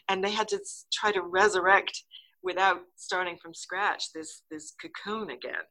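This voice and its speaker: An older woman, an actress and interview guest, telling a story in a casual, lively way and acting out the lines she quotes. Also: moderate pace, rough recording. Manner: lively, acts out quotes with big pitch jumps.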